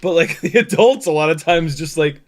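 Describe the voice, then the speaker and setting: This man's voice sits fairly high and moves at a moderate pace. He's a drone pilot and streamer, rambling loosely over his livestream footage. His talk is packed with fillers and restarts, plus an occasional swear word.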